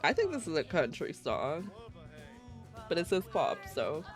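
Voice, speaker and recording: Slow, chatty woman streaming a game. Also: low-pitched, wildly swooping pitch. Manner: chatty, giggly, reacts to gameplay. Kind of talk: casual live-stream commentary. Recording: faint game music behind.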